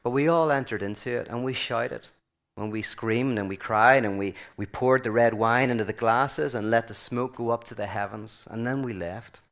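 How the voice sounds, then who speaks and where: A man's voice: medium pitch, normal speed, creaky, a bit bright. A man giving a loose, conversational talk at a weekend event, full of fillers, acting out quoted voices as he goes. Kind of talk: casual conference talk.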